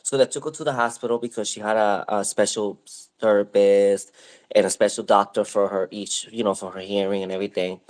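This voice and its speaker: Man, casual co-host; low, loose, filler-heavy storyteller. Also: brisk. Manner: rambling, animated retelling with many fillers.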